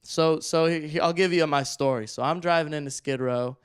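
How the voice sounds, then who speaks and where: Smooth-voiced man telling a wild story. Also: on the high side, a little fast, no echo, clean studio sound. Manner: animated, rambling, heavy use of filler words. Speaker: podcast guest. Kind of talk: casual storytelling.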